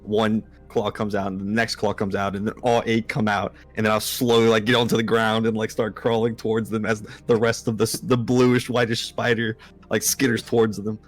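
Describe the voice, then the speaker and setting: A man playing a tabletop game, breathing hard and describing his moves slowly with many fillers. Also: lowish voice, little pitch movement. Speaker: player. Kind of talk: casual tabletop play.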